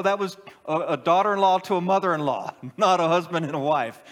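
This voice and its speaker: A middle-aged pastor preaching a sermon in a church, animated and joking with the congregation. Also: male voice, high voice, normal speed. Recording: long hall reverb.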